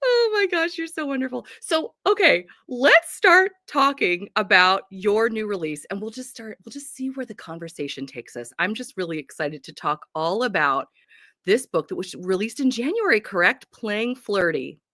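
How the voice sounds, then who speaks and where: A woman's voice: mid-range voice, very animated, moderate pace, sharp tone, dry recording, clean studio sound. A woman from North Carolina hosting a livestream book chat, bubbly and gushing, laughing often. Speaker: host. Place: home.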